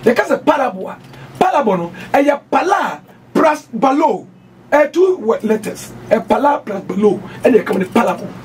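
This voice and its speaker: A man with a Ghanaian accent preaching on doctrine, emphatic, mixing Twi and English and at times shouting. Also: very high voice, big pitch swings, normal speed, far from the mic, a little hiss or hum.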